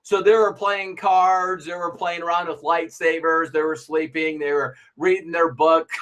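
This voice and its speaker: A man's voice: a little high, flat delivery, measured pace, fairly bright tone. A middle-aged man giving a motivational talk, acting out little dialogues and laughing as he goes. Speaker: motivational speaker.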